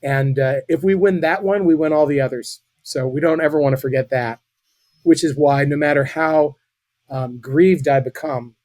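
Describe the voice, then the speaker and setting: A man's voice: on the high side, normal speed, a little mellow, dry recording. A middle-aged American man giving earnest, impassioned political commentary as a podcast guest, often restarting his sentences. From United States.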